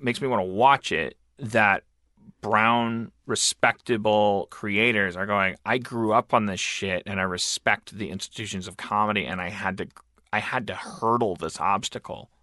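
A man co-hosting a casual podcast chat, excitable and profane, often stammering and restarting his sentences. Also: lowish voice, moderate pace, no room sound, studio quality. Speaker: podcast co-host.

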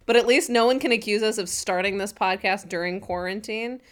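A woman's voice: mid-range voice, fairly quick. A woman co-hosting a comedy podcast, chatting casually in a playful, sarcastic way and laughing often. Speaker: podcast co-host.

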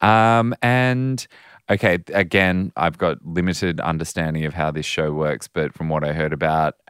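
Very deep-voiced wry woman. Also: steady tone, unhurried, clear, resonant tone, no room sound. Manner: wry, teasing, dry humor. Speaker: podcast co-host. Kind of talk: casual chat.

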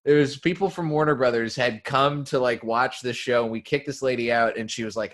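Young man, casual storyteller, lively and profane, mid-pitched voice. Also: fairly quick, hardly any pauses. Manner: animated storyteller, swears freely, quotes people in lively bursts. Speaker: former comedy club staffer. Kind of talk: casual podcast chat.

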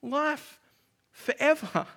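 Bright-voiced male preacher. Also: very high-pitched, expressive, slow pace. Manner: conversational, self-deprecating preaching with acted asides. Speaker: pastor. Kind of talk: sermon.

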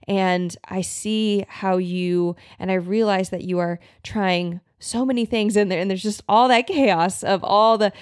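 Earnest lady health podcaster, lowish voice, dry close mic, kinda stumbles and repeats words. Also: no room sound. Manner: earnest, warm, repeats words when restarting. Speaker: podcast host and health practitioner. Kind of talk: heartfelt solo podcast talk.

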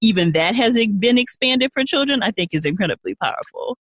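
Woman, conversational, filler-heavy, animated rises, dry sound. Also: fairly quick, no echo. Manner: chatty, lots of fillers, rising animated pitch. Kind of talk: casual discussion.

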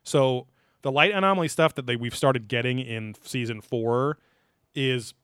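A man's voice: mid-range voice, normal speed, a bit bright, smooth, dry recording, studio quality. A young man co-hosting a podcast, recapping a TV episode in loose, joking chat with lots of fillers and laughter. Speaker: podcast co-host.

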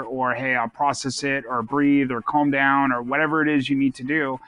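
A man's voice: medium pitch, steady tone, moderate pace, few pauses, pushed and bright. A man co-hosting a podcast, giving earnest advice in a rambling way with many restarts. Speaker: podcast co-host. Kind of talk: casual advice-giving talk.

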